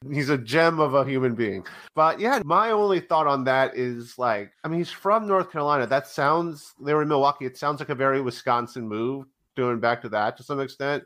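A man's voice: mid-range voice, moderate pace, hardly any pauses, fairly bright tone. Rambling male comedian, lots of fillers. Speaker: comedian guest. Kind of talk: casual comedy chat.

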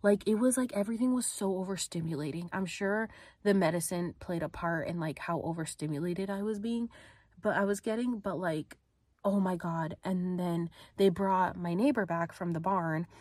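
A young woman hosts a podcast and casually tells a personal story, chatting away, saying "like" constantly and acting out the quotes. Her voice is on the low side and a little mellow, at normal speed, with no room sound.

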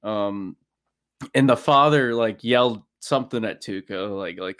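A man's voice: mid-range voice, a little slow, fairly bright tone, clear, resonant tone. A young man on a sports podcast, telling stories in loose casual chat, swearing and laughing as he goes. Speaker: podcast co-host.

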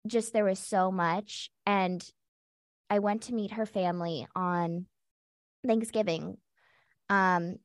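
A woman's voice: mid-range voice, steady tone, takes it slowly, long pauses, no echo, studio quality. A woman guest on a podcast, candidly and heartfelt telling her own story with lots of casual fillers.

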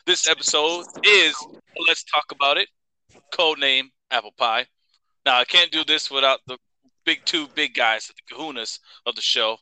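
A man's voice: a little high, normal speed, pushed and bright, clean tone, dry recording, rough recording. A man hosting a casual podcast, upbeat and joking as he reads out the intro. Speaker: podcast host.

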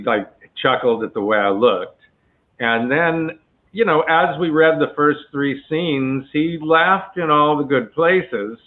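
A male actor being interviewed, telling a long story in a relaxed, chatty way with many asides. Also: mid-range voice. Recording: tinny phone-like line.

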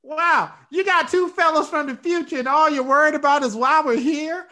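A woman's voice: sits high, moderate pace, pushed and bright. A woman doing improvised comedy scenes, brash and cheeky in her character voices.

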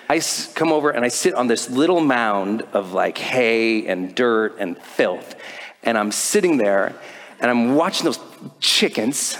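A man giving a motivational talk to a live audience, telling a story and acting out the voices in it. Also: fairly high pitch. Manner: animated storytelling, acts out quoted voices. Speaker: motivational speaker. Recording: long hall reverb.

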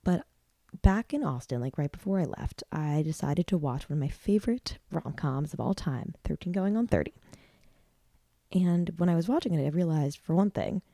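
A woman's voice: low-pitched, creaky, mellow, no room sound. A woman hosting a solo podcast, talking in a rambling, heartfelt way full of "like" and restarts. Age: 20s. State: near tears at times. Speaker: podcast host.

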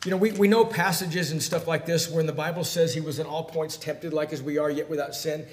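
Preacher man, hushed to emphatic. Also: fairly high pitch, steady tone, brisk, reverberant. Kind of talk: sermon. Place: church sanctuary.

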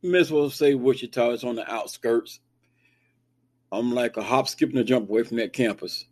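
A man hosting a casual sports talk show near Wichita, Kansas, reads down a rankings list, dropping in chatty asides as he goes. His voice is mid-range and somewhat dark in tone, at a normal speed.

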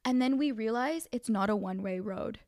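Animated young woman telling a story. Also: fairly high pitch, a little fast, dry recording, clean studio sound. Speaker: podcast co-host. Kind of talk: casual chat.

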